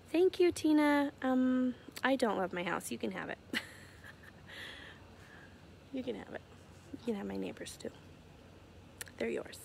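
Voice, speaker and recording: At night, a young woman walks around outside her house hosting a casual live stream to announce charity winners, her phone held at arm's length. Her medium-pitched voice is chatty and giggly, and she laughs at herself in a self-deprecating way. A little hiss or hum sits under the recording.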